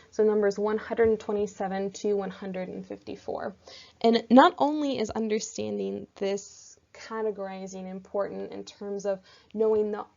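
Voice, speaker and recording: Gravelly-voiced woman teaching a lesson. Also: medium pitch, darkish tone. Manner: clear, methodical explaining. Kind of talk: recorded lecture. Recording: slightly dull lo-fi audio.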